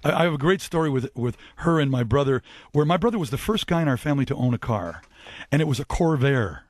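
A man who is a musician and a radio guest, telling chatty, animated anecdotes with false starts. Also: medium pitch, fast talker, no echo. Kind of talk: anecdotal storytelling.

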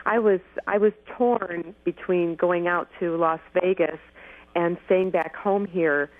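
A woman's voice: on the low side, fairly even intonation, takes it slowly, no echo. A woman in her forties from Michigan, a guest telling stories in an eager rush, often restarting her sentences. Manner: eager, tumbling phrases with frequent restarts. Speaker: guest, former pageant winner. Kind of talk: animated storytelling interview. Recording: tinny phone line, dry.

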